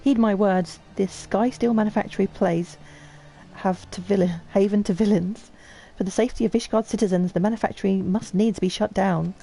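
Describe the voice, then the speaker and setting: A woman voicing a haughty, pompous official who speaks in a lofty, drawn-out way. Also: medium pitch, fairly even intonation, vocal fry, dark tone, slightly rough, soft background music, rough recording.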